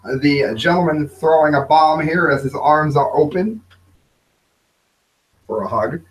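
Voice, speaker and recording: A man hosting an opinion commentary show, mocking and sarcastic, with sudden shouted outbursts. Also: on the high side, a little slow, rough recording. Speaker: host.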